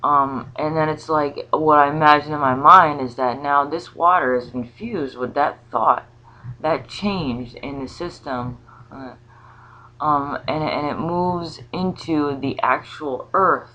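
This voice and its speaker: A woman talking casually about a spiritual ritual, rambling and halting with many restarts. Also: low voice, sharp tone. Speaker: vlogger. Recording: slightly dull lo-fi sound.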